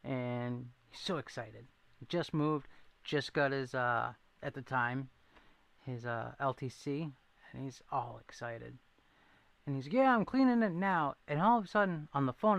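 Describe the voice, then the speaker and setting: A man's voice: medium pitch, fairly bright tone, muffled recording. A man hosting a casual livestream, chatting with viewers and telling rambling stories with frequent laughs. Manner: rambling storyteller, laughs often; says he needs his glasses to read chat. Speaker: livestream host. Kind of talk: casual livestream chat reading comments.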